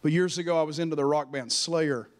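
A man's voice: on the high side, a little fast, a little hiss or hum. A man preaching a sermon in a church, telling personal stories with fervor and calling out to the congregation. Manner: fervent, personal storytelling with calls to the congregation.

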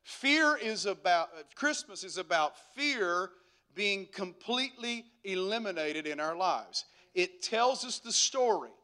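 A man's voice: high voice, lively intonation, slow pace, sharp tone. A man preaching a sermon as pastor, emphatic, asking rhetorical questions and repeating phrases for effect.

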